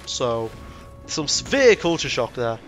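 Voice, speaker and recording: A man's voice: medium pitch, very animated, a little slow, fairly bright tone, faint music behind. A young man vlogging casually, rambling with frequent self-corrections and indignant asides. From Britain. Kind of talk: casual rambling travel vlog.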